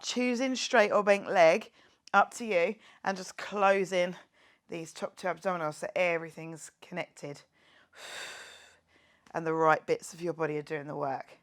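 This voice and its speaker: Her voice sits on the lower side, with a fairly bright tone and a measured pace. As a fitness instructor guiding a workout class, she keeps things playful and jokey, counting reps out loud and encouraging her viewers.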